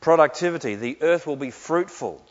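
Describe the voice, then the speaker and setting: A man answering questions in a sermon, reflective and often pausing with fillers and soft laughs. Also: a little high, lively intonation. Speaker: pastor. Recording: muffled with long hall reverb.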